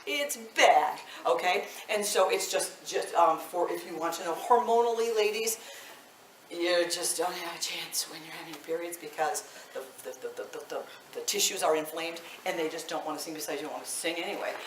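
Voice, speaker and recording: A woman's voice: on the low side, fairly quick, a little hiss or hum. Chatty woman in her fifties teaching voice. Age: 50s. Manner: chatty, animated, laughs often. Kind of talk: live vocal workshop. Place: indoor workshop room. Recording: echoey room, mic at a distance.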